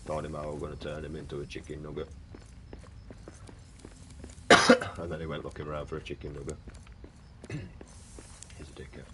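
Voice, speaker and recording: Young British man, very deep low voice, sweary ranting stream chat, faint background noise. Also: completely flat delivery, normal speed, long pauses, bright, forceful tone. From United Kingdom. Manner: swearing, ranting, chatting to viewers. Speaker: gaming streamer. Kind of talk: casual livestream chat.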